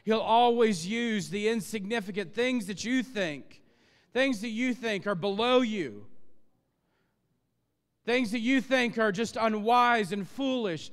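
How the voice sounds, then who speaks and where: A male pastor preaching a sermon, impassioned and emphatic, his voice building to loud peaks. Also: sits high, slow pace, smooth. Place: church sanctuary. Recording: long church reverb.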